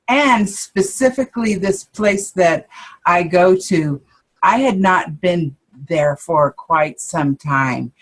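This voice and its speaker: A woman co-hosts a relaxed spiritual chat, speaking slowly and hesitantly in a lowish voice. She pauses often and restarts her sentences as she works through her thoughts. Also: husky. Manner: hesitant, many ums and restarts. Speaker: co-host.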